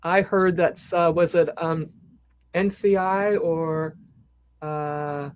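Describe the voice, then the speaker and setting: A woman's voice: lowish voice, steady tone, slow, clear, resonant tone. A woman hosting an interview, effusive and full of praise for her guest. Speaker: host. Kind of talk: casual interview.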